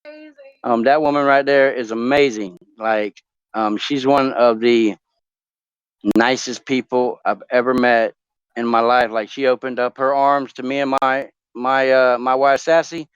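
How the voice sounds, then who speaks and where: A man's voice: mid-range voice, steady tone, unhurried, clear, resonant tone, dry recording, highs cut off. A man talking casually on a live stream, rambling and swearing, with many ums and restarts as he talks openly about his family. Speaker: talk show guest.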